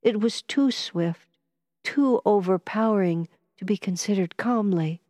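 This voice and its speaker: Low-voiced woman narrating a novel. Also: dark tone, no room sound, studio quality. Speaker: audiobook narrator. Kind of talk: scripted narration.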